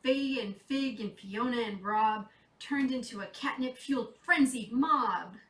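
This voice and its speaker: A woman's voice: on the high side, unhurried, fairly bright tone, distant mic. A woman reading a rhyming Christmas storybook aloud in a playful, sing-song rhythm. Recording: echoey room, off mic.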